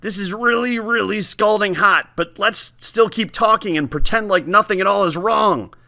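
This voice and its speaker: A man reading aloud and voicing a bossy, eccentric old woman who squawks her orders in a high, strained voice. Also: normal speed, gravelly, bright, forceful tone, exaggerated voice. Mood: strained, cross. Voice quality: squawking, screechy.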